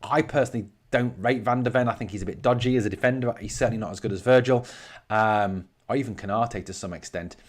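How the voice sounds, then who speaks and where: A man's voice: lowish voice, fast talker. Blunt, opinionated man on a podcast. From northeast England. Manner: opinionated, blunt, swears at commenters. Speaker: podcast host. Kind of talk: solo podcast talk reading live chat.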